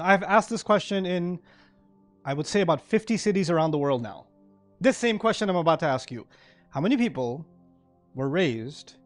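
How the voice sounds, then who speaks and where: A man giving a sermon-style lecture to a live audience, animated and often checking in with listeners. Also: sits high. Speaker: Islamic speaker.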